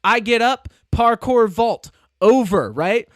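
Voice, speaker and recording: A man's voice: very high-pitched, takes it slowly, no echo, studio quality. A man co-hosting a podcast in casual chat, telling stories with lots of laughter and acted-out quotes. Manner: animated storyteller, laughs often, acts out quotes. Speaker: podcast co-host.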